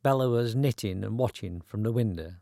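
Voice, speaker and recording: A man's voice: lowish voice, brisk, gravelly, mellow, no room sound. A man narrating a story in a dry, wry, conversational way.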